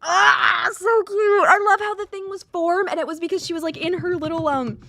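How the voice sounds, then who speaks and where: A woman streaming a game, her voice high and bright, bursting into gushing squeals. She talks casually, rambling and correcting herself as she goes, in a dry, close sound. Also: fairly even intonation, normal speed, creaky, no room sound. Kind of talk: casual live-stream chat over a game.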